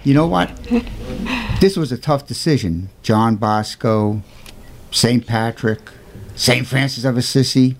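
Speaking at a measured pace over a little hiss or hum, a man relates a saint's story informally and earnestly. Expect emphatic rhetorical questions and a higher pitch when he voices quoted speech.

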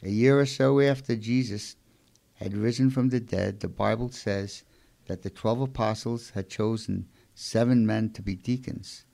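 A man with a Brooklyn accent, co-hosting a casual faith talk, halting with many fillers and affectionate. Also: on the low side, fairly even intonation, vocal fry, mellow. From Brooklyn, New York. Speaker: co-host.

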